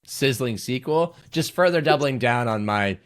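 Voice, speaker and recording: A man's voice: medium pitch, animated, normal speed. A man co-hosting a sports podcast in casual chat, teasing his co-hosts and laughing often. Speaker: podcast co-host.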